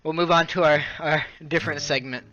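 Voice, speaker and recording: A man hosting a casual gaming podcast over a voice call, loud and laughing, swearing often. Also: on the high side, fairly even intonation, fairly quick, dull audio. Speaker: podcast host.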